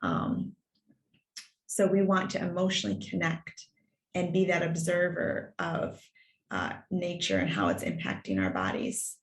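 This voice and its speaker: A woman's voice: fairly low pitch, measured pace, reverberant, low-quality recording. A woman presenting a wellness webinar, speaking steadily from prepared points. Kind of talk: prepared educational talk.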